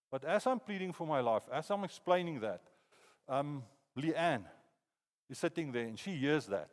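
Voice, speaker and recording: A man with a South African accent preaching a sermon through animated, lively storytelling. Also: fairly high pitch, normal speed. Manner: animated storytelling, hypothetical anecdotes. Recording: long reverb in a hall.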